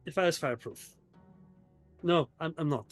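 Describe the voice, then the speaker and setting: A man's voice: fairly high pitch, moderate pace, no room sound, soft background music. Flustered, polite man with a put-on accent. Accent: put-on in-character accent. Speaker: tabletop game player. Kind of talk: in-character tabletop role-play.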